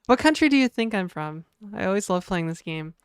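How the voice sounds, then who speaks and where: A woman's voice: mid-range voice, very animated, brisk, clear, resonant tone, dry recording, clean studio sound. A woman from New Brunswick with a mild Canadian accent, chatting casually and jokingly with her live-stream viewers. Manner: chatty, joking, answers chat aloud.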